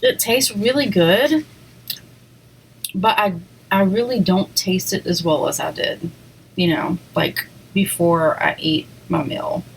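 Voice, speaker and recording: In this eating vlog, a woman takes it slowly, her fairly low voice marked by vocal fry. She rambles casually between bites on camera, with little eating sounds. The audio is poor, with a little hiss or hum.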